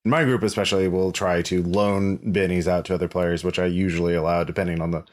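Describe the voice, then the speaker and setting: A man's voice: low-pitched, fairly even intonation, quick pace. A man co-hosting a tabletop game podcast as a game master, talking in an easygoing, thoughtful way. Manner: easygoing, thoughtful, lots of fillers. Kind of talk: casual chat about tabletop games.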